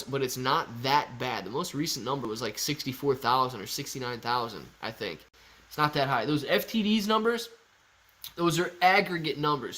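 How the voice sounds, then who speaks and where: A man hosting a casual live stream, chatting excitably with viewers and laughing often. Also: a little high. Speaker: livestream host reading chat.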